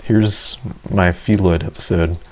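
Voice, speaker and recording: Man, deep voice, unhurried, rambling gameplay commentary, self-deprecating. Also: fairly even intonation. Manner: rambling and self-deprecating, with frequent fillers and laughs. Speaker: gaming video creator.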